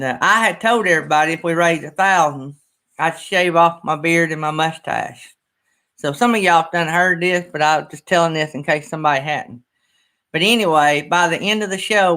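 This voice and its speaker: A man's voice: fairly high pitch, pushed and bright. A middle-aged man, hosting a casual livestream chat in a rambling, folksy, emotional way. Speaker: channel host.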